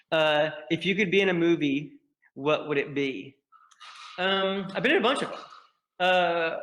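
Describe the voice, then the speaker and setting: A man's voice: a little high, fairly bright tone. A man with a Southern US accent answering fan questions on a virtual panel, candid and joking, rambling with many restarts. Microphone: computer mic on a video call. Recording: roomy, echoey room sound.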